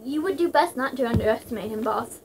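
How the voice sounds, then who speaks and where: A woman's voice: fairly high pitch, expressive, quick pace, a little hiss or hum, poor audio. A woman voicing a giant, brooding male shaman warrior in a story reading, speaking solemnly.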